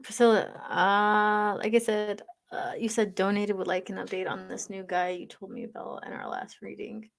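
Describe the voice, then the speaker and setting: A woman's voice: medium pitch, lively intonation, moderate pace, gravelly, few pauses. Chatty woman on a livestream. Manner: chatty, teasing, reads comments aloud. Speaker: livestream reader. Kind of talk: casual livestream chat with viewers.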